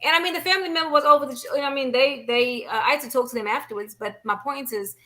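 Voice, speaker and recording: A woman's voice: high-pitched, fast, bright, forceful tone. A woman co-hosting a podcast, talking candidly and emphatically about raising her son. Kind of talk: casual chat.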